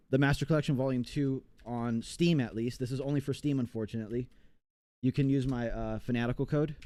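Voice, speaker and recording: A man's voice: mid-range voice, dark tone, dry recording. A man from the United States chatting casually on a live game stream, rambling and reading chat aloud with many fillers.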